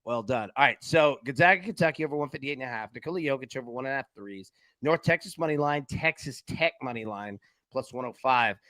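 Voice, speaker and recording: A man's voice: mid-range voice, animated, fast talker, sharp tone, no room sound. A man hosting a live sports betting show, upbeat, rattling off picks and reading chat comments aloud.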